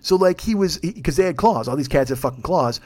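Man, high voice, rapid pace, profane, rambling comic storyteller. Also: lively intonation, darkish tone. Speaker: podcast host. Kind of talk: comedic storytelling.

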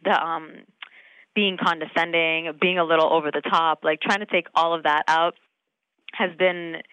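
A woman in her thirties, an actress talking casually in an interview, animated, laughing often and full of fillers. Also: deep voice, moderate pace, clear, resonant tone, no echo, low-quality recording. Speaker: actress guest.

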